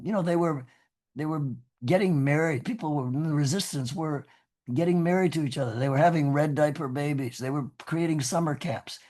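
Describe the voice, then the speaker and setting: A man's voice: a little high, darkish tone. Scratchy-voiced man lecturing. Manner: discursive, with many restarts and "you know". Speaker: guest speaker, professor. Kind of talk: lecture-style talk on a video call. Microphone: video call microphone.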